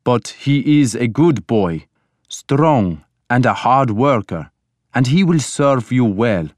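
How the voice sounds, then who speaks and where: Male narrator as anxious farmer father; earnest pleading, low and unhurried, storybook. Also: no room sound, clean studio sound, natural voice. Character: anxious older farmer pleading for his son.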